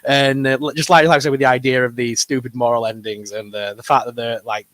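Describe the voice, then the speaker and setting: Easygoing northern English co-host, loose and laughing. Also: male voice, mid-range voice, fairly even intonation, fast, a bit bright, no room sound. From northern England. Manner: casual, laughing, many restarts. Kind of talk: live stream chat.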